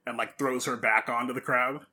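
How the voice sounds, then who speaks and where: Male co-host, enthusiastic fan chat, bright forward tone. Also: medium pitch, fairly even intonation, a little fast, husky. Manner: enthusiastic, fan-trivia, chatty. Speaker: podcast co-host. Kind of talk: casual chat recapping an anime.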